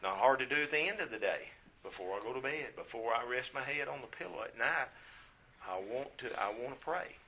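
Man, preacher, folksy sermon, bright tone, repeats phrases. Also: mid-range voice, lively intonation, fairly quick, breathy edge.

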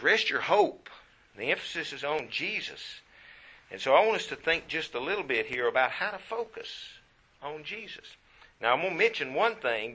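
A man's voice: medium pitch, sharp tone. A man preaching a sermon in a folksy way, often repeating phrases for emphasis.

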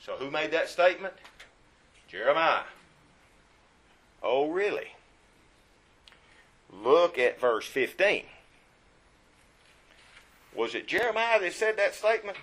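A man preaching a sermon in church. He reads scripture aloud, quizzes the congregation, and swings from hushed asides to emphatic lines. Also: a little high, big pitch swings, slow, long pauses.

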